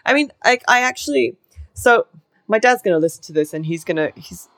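A woman's voice: fairly high pitch, animated, a little fast, vocal fry, fairly bright tone, no echo. A young woman co-hosting a podcast, talking in a reflective, earnest way and leaning on "like" a lot. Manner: reflective and earnest, heavy use of "like". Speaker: podcast co-host. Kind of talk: casual chat.

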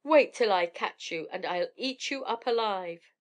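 A woman puts on a huge, menacing storybook giant, drunk and furious, who bellows his threats in a voice pushed up high and loud. He sounds ready to eat someone alive. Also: lively intonation, a little slow, natural voice.

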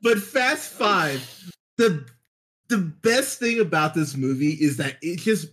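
Husky, excitable man in casual chat. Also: fairly high pitch, slow. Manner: excitable, swears a lot, keeps restarting sentences. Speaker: podcast co-host.

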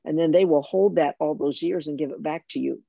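An older woman with a low, gravelly and mellow voice recounts her own story, animated and ready to laugh at herself. The sound is dull and lo-fi, in a dry room. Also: brisk, no room sound. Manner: animated, self-mocking, with frequent restarts. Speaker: guest sharing her testimony. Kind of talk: personal storytelling in a conversation.

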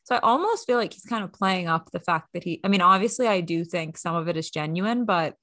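A woman's voice: lowish voice, animated, brisk, fairly bright tone, dry recording, studio quality. A woman hosting a podcast, chatting casually and upbeat with lots of fillers. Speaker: podcast host. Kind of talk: casual recap chat.

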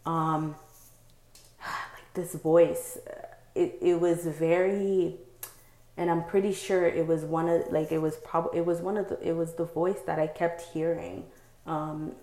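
Low-voiced woman rambling in an echoey room. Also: a little mellow. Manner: rambling, heavy use of "like" and "um", frequent "right?". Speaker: podcast host. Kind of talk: casual personal storytelling.

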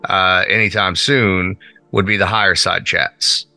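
A man's voice: low voice, steady tone, unhurried, sharp tone, soft background music. A man hosting a casual podcast chat in a small bedroom studio, talking emphatically and thinking aloud. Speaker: podcast host.

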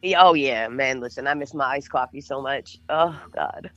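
A woman with a Boston accent, a DJ telling animated, profane stories in a casual podcast chat. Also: a bass voice, normal speed, dry recording, muffled recording. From Boston North Shore. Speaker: DJ guest.

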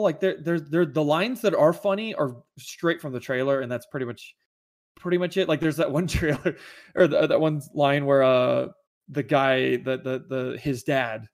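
A man chatting casually about movies as a podcast co-host, rambling and enthusiastic, with many restarts. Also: fairly high pitch.

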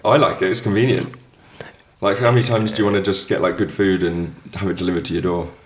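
A man in casual chat, relaxed and hedging, full of "like" and "kind of". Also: deep voice, quick pace, echoey room, slight background noise.

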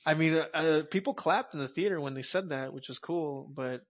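A man's voice: on the high side, brisk. A man co-hosting a movie podcast, talking bluntly and emphatically in casual chat, often swearing. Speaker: podcast co-host. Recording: dull lo-fi audio.

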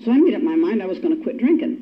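An older woman speaks at a recovery meeting, recounting her story in a dry, self-deprecating way, her medium-pitched voice swinging widely in pitch as she talks rapid-fire. Faint hiss runs beneath the dull, lo-fi recording.

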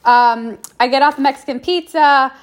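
A young woman chats casually, rambling through a story with plenty of fillers and restarts. Her voice sits a little high for a woman. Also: moderate pace, muffled recording. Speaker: food reviewer. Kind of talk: casual chat.

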